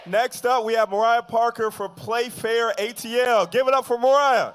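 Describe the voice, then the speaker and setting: A man's voice: very high-pitched, moderate pace, hardly any pauses, fairly bright tone, slight background noise. A man emceeing an outdoor rally, hyping up the crowd and introducing speakers. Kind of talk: rally announcing.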